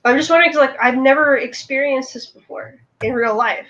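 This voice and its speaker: A woman's voice: sits high, brisk, a bit bright. Woman, curious, casual podcast chat, dull lo-fi recording. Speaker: podcast co-host. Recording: dull lo-fi audio.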